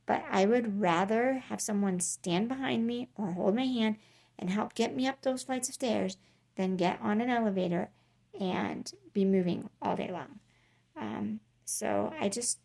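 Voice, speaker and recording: A woman talking casually to camera in a personal vlog, pausing often with ums and restarts, earnest and a little tired. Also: mid-range voice, vocal fry, a little mellow. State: tired, unwell. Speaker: vlogger.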